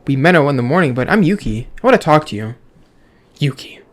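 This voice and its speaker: A man's voice: a little high, big pitch swings, quick pace. A man giving casual, sarcastic commentary with frequent swearing as he reacts aloud to a game's dialogue. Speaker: let's play gamer. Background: faint game music.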